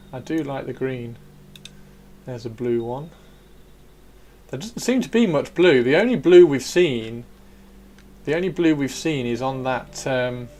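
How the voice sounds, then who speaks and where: A man's voice: medium pitch, a little mellow. Rambling man chatting on a livestream. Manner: chatty, rambling, with many fillers and restarts. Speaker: livestreamer painting miniatures. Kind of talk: casual livestream chat.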